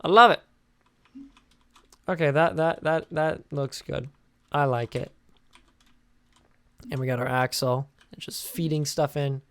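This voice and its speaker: Tired, chatty young gamer with a dry mic. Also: male voice, mid-range voice, fairly even intonation, unhurried, pauses often, smooth, no room sound. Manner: rambling and chatty, with filler words and restarts. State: tired and sleepy. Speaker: gaming channel host. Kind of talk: casual game commentary while building.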